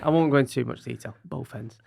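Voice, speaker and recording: A man's voice: medium pitch, quick pace, gravelly, darkish tone. A man, co-hosting a podcast and telling stories in casual banter. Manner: chatty, storytelling, self-mocking. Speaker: podcast co-host.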